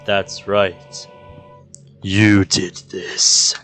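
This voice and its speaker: Male streamer doing a slow, half-whispered inner voice, cold and taunting, sharp edge. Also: low-pitched, little pitch movement, faint music behind, heavily acted. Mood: menacing.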